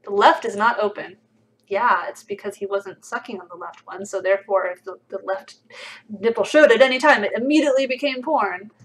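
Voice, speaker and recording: A woman's voice: medium pitch, a bit bright, low-quality recording. A young woman hosting a casual livestream, reading comments aloud with a dry, sarcastic edge.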